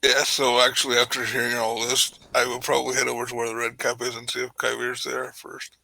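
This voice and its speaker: Gravelly man player. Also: mid-range voice, completely flat delivery, fairly quick, bright, forceful tone, no room sound, poor audio. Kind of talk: tabletop game chat.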